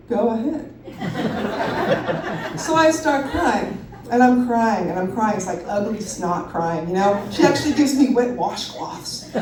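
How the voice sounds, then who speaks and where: A woman in her thirties telling a personal story live on stage, animated and self-mocking, laughing often. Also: a little high, background noise. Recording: roomy hall from a distance.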